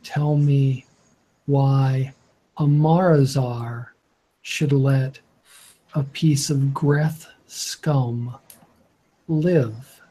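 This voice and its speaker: A proud female Marazar interrogator, voiced by a man running the table, asks her questions with chilling slowness. She is scornful and cold, and she weighs every word she says about a prisoner's life. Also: medium pitch, steady tone, mellow. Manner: slow, menacing questioning.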